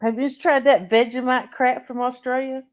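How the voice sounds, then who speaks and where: A woman co-streaming in casual chat, goofy and quick to joke and laugh. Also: high voice, steady tone.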